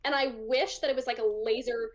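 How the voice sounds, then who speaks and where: A young woman guest on an interview show speaks fairly quickly in a fairly high voice with fairly even intonation, and a little hiss or hum sits in the recording. She chats casually through a personal story, laughing often and saying um and like a lot.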